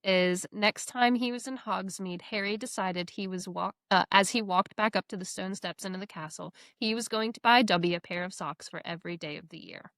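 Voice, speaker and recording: A woman's voice: medium pitch, a little fast, few pauses, fairly bright tone, no room sound. A woman co-hosting a podcast in casual chat, reading passages aloud from a book and breaking off to laugh. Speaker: podcast co-host.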